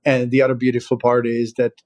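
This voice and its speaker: A man's voice: mid-range voice, completely flat delivery, quick pace, darkish tone. Chatty man from Central Europe hosting. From Czech Republic. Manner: chatty, laughs often, digresses. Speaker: podcast host. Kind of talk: casual conversation.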